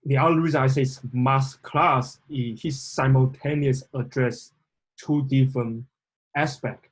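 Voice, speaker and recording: A man hosts a casual discussion, making his points in a measured, reflective manner. His voice is husky and a little raspy, with a middle pitch. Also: steady tone. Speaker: host.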